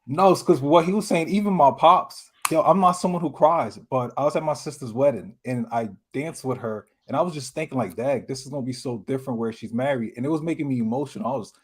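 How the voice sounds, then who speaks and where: A man's voice: a little high, fairly quick, few pauses, slight background noise. A man on a podcast panel candidly telling a personal story in casual slang. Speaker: panel guest. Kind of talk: casual storytelling in group chat.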